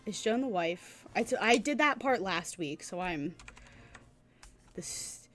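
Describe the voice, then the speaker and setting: Chatty, sarcastic woman streamer, very lively pitch. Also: slow, soft background music. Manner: chatty, sarcastic, reads lines aloud. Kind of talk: game stream commentary.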